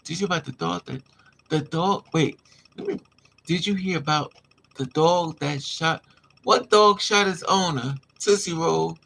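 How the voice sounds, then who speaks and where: This livestream host speaks unhurriedly in a slightly high, sharp voice with vocal fry. He shares a frank personal story with emphasis and ease, addressing viewers as honey and child.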